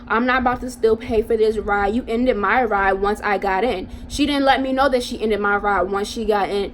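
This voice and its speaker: A young woman vlogger telling a casual storytime in an animated, slangy way, talking straight to her viewers. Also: medium pitch, slight background noise.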